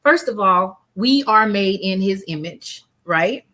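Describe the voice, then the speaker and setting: A woman's voice: mid-range voice, animated, takes it slowly, bright, forceful tone. A woman in her fifties hosting a faith-based interview from home over a video call. She speaks earnestly as a grief counselor and repeats key lines like rhetorical preaching. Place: at home with family around.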